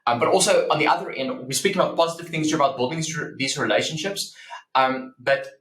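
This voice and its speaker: A man talking as a psychology professor guest in a casual podcast interview, explaining earnestly with lively anecdotes and many ums. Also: medium pitch. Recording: roomy echo.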